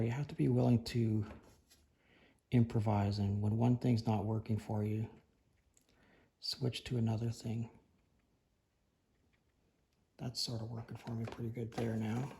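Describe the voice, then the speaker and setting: A man giving a casual painting tutorial, thinking aloud and correcting himself as he works, his voice slightly hoarse. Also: mid-range voice, dark tone. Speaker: painting instructor.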